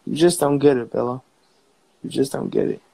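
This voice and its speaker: A man's voice: mid-range voice, expressive, brisk, creaky, warm tone, a little hiss or hum, rough recording. A young man hosting a livestream, arguing heatedly and pleading, repeating himself. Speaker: livestream host. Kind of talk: livestream argument.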